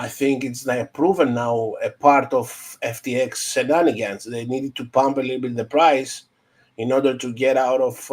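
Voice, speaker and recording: A man on a casual panel chat, speaking hesitantly with many fillers and a voice that trails off. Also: medium pitch.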